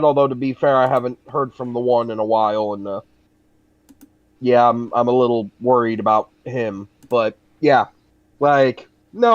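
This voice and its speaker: A man's voice: a little high, no room sound. A man co-hosting a podcast in casual chat, swearing freely and telling stories with energy. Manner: profane, animated storyteller. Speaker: podcast co-host. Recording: dull lo-fi audio.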